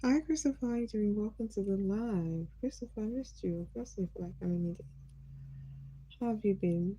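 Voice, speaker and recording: A Nigerian woman from Nigeria runs a relaxed livestream, chatting with viewers and asking them curious questions. Her voice is deep in tone, warm and mellow rather than bright, sitting at an ordinary middle pitch. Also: brisk, slightly rough, no room sound, dull audio. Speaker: livestream host. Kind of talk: casual livestream chat with viewers.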